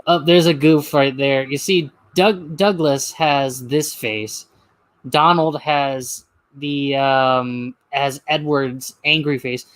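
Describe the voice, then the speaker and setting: A man's voice: medium pitch, fairly even intonation, slow pace, fairly bright tone, dry recording. A man giving chatty, rambling casual commentary over a video.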